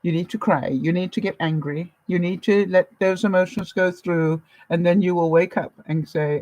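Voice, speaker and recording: A woman's voice: fairly low pitch, steady tone, normal speed, few pauses, no room sound, poor audio. Canadian woman on a live vlog, motherly and encouraging, dry close sound. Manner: warm, encouraging, motherly pep talk. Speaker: vlogger host. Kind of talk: live-stream chat with viewers.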